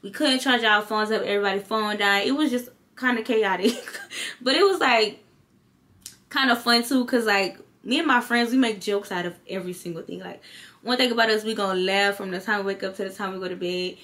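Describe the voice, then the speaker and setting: A woman's voice: medium pitch, brisk. A tired woman, vlogging in a casual late-night chat to camera and telling stories in a slangy way. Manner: chatty storytelling, slangy, animated when retelling.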